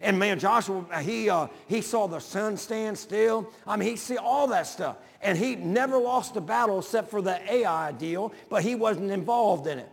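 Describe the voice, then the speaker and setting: Older preacher with a gravelly voice. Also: male voice, sits high, moderate pace, few pauses, long reverb tail. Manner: folksy, builds to shouting. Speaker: pastor. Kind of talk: sermon.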